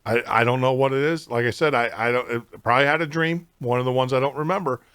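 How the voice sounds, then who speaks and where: A man's voice: mid-range voice, fast talker, fairly bright tone, smooth, no room sound. A man hosting a casual interview, rambling and thinking aloud as he talks. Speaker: podcast host.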